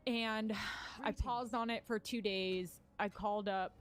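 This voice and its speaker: A woman's voice: medium pitch, steady tone, unhurried. A woman comedian telling a candid personal story in casual talk, rambling with many fillers and some swearing. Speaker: stand-up comedian.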